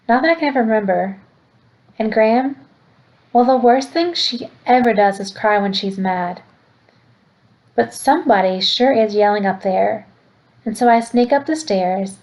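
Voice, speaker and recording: A woman teacher reading a novel aloud to a class in a plain, steady storytelling way. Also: mid-range voice, poor audio.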